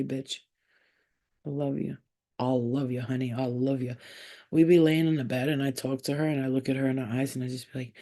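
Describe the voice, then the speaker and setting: Woman vlogger, casual and profane, with a gravelly, mellow voice and baby-talk asides. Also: very deep voice, steady tone, a little fast. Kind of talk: casual chat.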